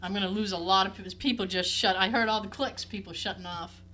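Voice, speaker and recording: A woman's voice: medium pitch, fairly even intonation, quick pace, pushed and bright, a little hiss or hum. A woman co-hosting a casual chat, candid and profane, laughing often.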